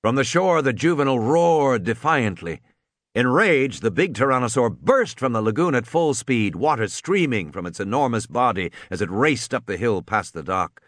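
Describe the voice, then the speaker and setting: Expressive male audiobook narrator. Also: mid-range voice, normal speed, dry recording, clean studio sound. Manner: expressive storytelling with voiced characters. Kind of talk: audiobook reading.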